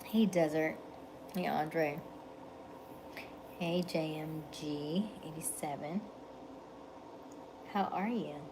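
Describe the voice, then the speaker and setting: A woman in her late thirties hosting a livestream, talking with viewers in a calm, methodical, relaxed way. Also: deep voice, background noise. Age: 30s. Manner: calm, methodical, unhurried delivery. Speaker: livestream host.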